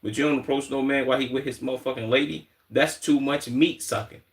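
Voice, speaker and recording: Man from Chicago, mid pitch, blunt and profane; off-mic streaming commentary. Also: steady tone, quick pace, far from the mic. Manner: blunt, profane, repeats words, emphatic asides. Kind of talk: live reaction commentary.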